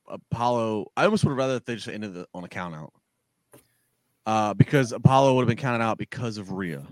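Low-voiced man giving opinionated analysis. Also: no room sound. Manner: opinionated, thinks aloud with restarts. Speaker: podcast panelist, wrestling analyst. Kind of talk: casual podcast analysis.

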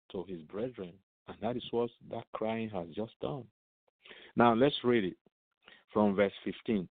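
A man's voice: medium pitch, no echo. A man teaching the Bible on a radio programme, asking rhetorical questions and answering them himself, often repeating words as he goes. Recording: narrow phone-line radio sound.

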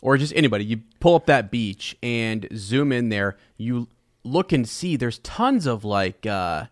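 A man's voice: mid-range voice, lively intonation, a little slow, dry recording. Hesitant man, dry close sound. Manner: hesitant, searching for words. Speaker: podcast co-host. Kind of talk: casual chat.

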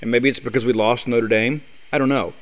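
A man's voice: mid-range voice, fairly even intonation, brisk, fairly bright tone. A man hosting a sports talk show, delivering a blunt, fired-up monologue full of rhetorical questions.

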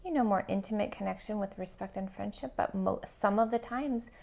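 A woman's voice: medium pitch, a little fast, gravelly, a little mellow. A woman counselor co-hosting a relationship podcast, talking in an earnest, reflective way with lots of casual fillers. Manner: earnest and reflective, with many "like" and "you know" fillers. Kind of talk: casual chat.

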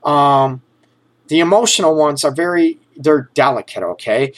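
Speaking at normal speed in a higher-than-average male voice, a relationship advice host addresses his listeners plainly and casually. He jokes occasionally and often punctuates his points with "okay?" and "you know."

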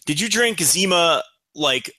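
A man's voice: a little high, expressive, measured pace, sharp tone, no echo. A man co-hosting a podcast, chatting casually with dry, joking remarks. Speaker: podcast co-host.

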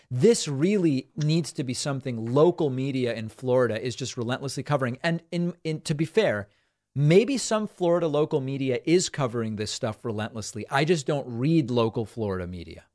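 A man's voice: medium pitch, a little mellow. A man hosting a call-in talk show, chatting with callers and taking asides. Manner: chatty, quick asides, laughs easily. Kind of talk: casual call-in chat.

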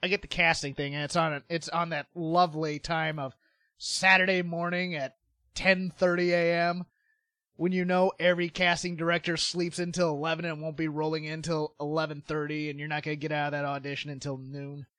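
A man's voice: a little high, level tone, brisk, bright, forceful tone, no room sound. A man hosting a podcast, telling stories casually and laughing often. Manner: chatty storyteller, laughs often, frequent restarts. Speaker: podcast host. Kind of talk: casual chat.

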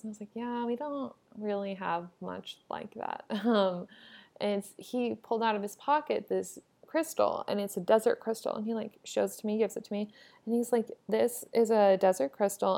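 A young woman from Nebraska hosting a podcast, telling stories from her trip in a chatty, animated way with lots of "like". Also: medium pitch, creaky. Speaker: podcast host. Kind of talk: casual storytelling monologue.

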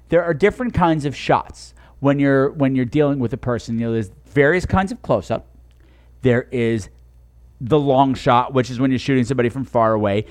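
A man's voice: medium pitch, darkish tone. A man hosting a talk show, telling stories in a profane, sarcastic comedic rant and slipping into mocking voices.

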